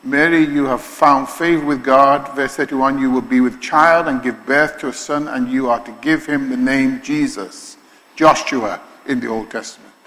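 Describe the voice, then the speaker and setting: A man with a Liverpool accent preaching a sermon, moving from quiet conversational asides to loud, slow, drawn-out proclamations. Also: mid-range voice, steady tone. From Liverpool, England. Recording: long hall reverb.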